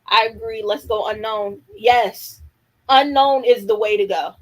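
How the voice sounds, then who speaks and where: Young female streamer, relaxed but emphatic, opinionated, slangy, a bit high-pitched. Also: measured pace, low-quality recording. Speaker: livestream host. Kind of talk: casual live-stream chat reacting to viewer comments.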